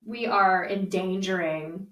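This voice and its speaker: A young woman co-hosting a podcast, talking in an animated, chatty way with plenty of fillers. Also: medium pitch, takes it slowly. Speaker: podcast co-host. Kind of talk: casual chat. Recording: roomy, slightly distant mic.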